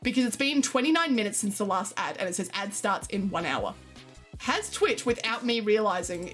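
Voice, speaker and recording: A young woman streamer chatting casually to her live audience with an exaggerated, expressive delivery, swearing freely and laughing often. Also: mid-range voice.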